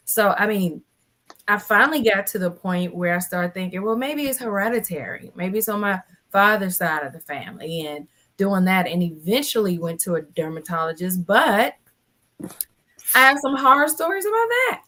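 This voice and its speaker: Speaking at a moderate pace in a mid-range voice, a woman in her forties shares a personal story as a panel guest in a relaxed chat. She's animated and performs the lines of the other people involved.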